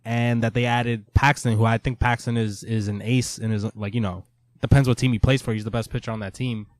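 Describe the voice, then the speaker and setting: A man's voice: mid-range voice, little pitch movement, fairly quick, dry recording. A man co-hosting a podcast in a casual sports chat, earnest and a little defensive, laughing things off. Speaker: podcast co-host.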